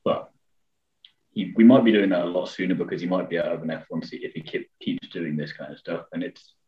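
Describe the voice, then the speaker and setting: A man's voice: sits low, steady tone, brisk, reverberant, lo-fi sound. A man co-hosting a podcast, casually chatting with teasing, rambling analysis. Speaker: podcast co-host. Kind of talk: casual chat.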